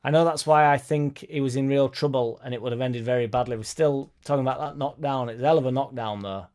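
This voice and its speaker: A man with a mid-range, slightly mellow voice hosts a relaxed football fan livestream. He reads viewers' comments out loud and answers them in a chatty way.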